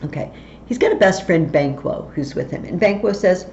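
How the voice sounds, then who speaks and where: A woman's voice: fairly low pitch, expressive, normal speed, a little mellow, a little hiss or hum. A woman explaining a play to students in a casual, chatty way, paraphrasing lines in slang, from a slightly dull recording. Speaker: teacher.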